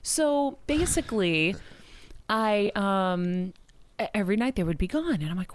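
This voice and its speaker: A woman's voice: medium pitch, lively intonation, measured pace, clean tone, no echo. A woman radio host telling a story in casual chat, giggling often, using lots of fillers and acting out her own reactions. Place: radio studio.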